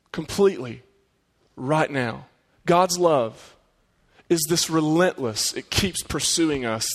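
A man delivers a sermon with a slightly higher voice than most men, speaking earnestly and conversationally. He keeps turning to his listeners with rhetorical questions, and his voice carries a long reverb as if he were in a large hall. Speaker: pastor.

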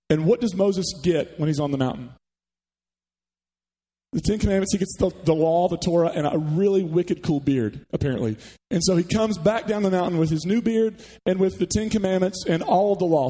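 Gravelly pastor preaching in a big hall. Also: male voice, high voice, warm tone. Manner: conversational, asks the congregation questions. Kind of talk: sermon. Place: church sanctuary.

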